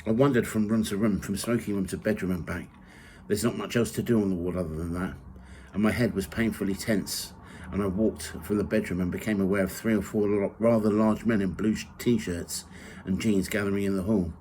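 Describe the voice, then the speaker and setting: A man reading from his own memoir in the first person, measured and steady. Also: fairly low pitch, slight background noise, poor audio. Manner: measured reading, rising loud for quoted shouts.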